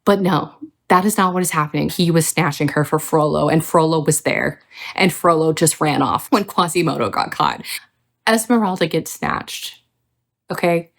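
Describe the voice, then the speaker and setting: A woman's voice: deep voice, normal speed, creaky. A young adult woman hosting a casual book review video, ranting with plenty of swearing. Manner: ranting, profane, animated.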